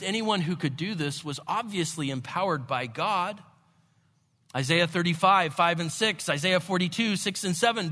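A man preaching a sermon, expressive, moving between hushed and emphatic delivery. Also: high-pitched. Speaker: pastor. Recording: long hall reverb.

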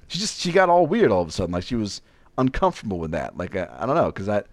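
A man's voice: lowish voice, fast talker, dry recording, clean studio sound. A man casually telling a frank personal story, rambling and acting out the dialogue. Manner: frank, rambling, animated retelling with quoted dialogue.

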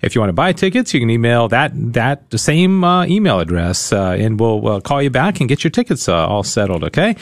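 A man's voice: medium pitch, sing-song, fairly quick, few pauses, dry recording. A man hosting a live radio talk show, joking with his co-hosts and speaking with frequent fillers into a studio microphone.

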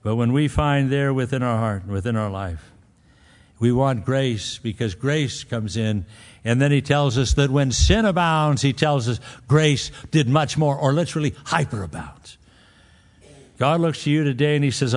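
A man's voice: medium pitch, normal speed. A man preaching a sermon in a church, talking conversationally and acting out the voices of his listeners. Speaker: pastor.

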